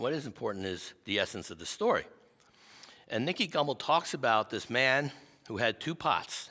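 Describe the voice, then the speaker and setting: A male pastor giving a sermon, telling personal stories in an animated, self-deprecating way, in a church sanctuary. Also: on the low side. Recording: long church reverb.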